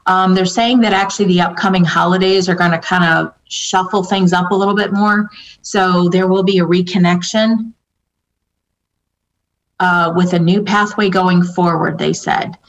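Low-voiced woman giving a hesitant psychic reading. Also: fairly even intonation, moderate pace. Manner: hesitant, many fillers and restarts, relays what spirits tell her. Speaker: psychic medium answering viewer questions. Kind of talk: casual spoken reading. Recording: dull lo-fi recording.

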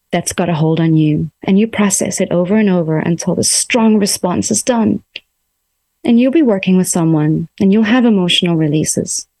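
A woman coaching listeners through emotions in a gentle, coaxing self-help talk, speaking her self-talk aloud from a room in her home. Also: fairly low pitch, no echo.

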